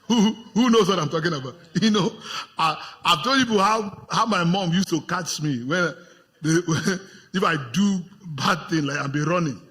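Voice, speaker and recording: A Nigerian man preaching a lively sermon to his congregation as pastor, acting out the voices of tempters in his stories. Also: high-pitched, measured pace. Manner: animated, acts out voices of tempters, laughs with congregation. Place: church hall with congregation. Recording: long hall reverb.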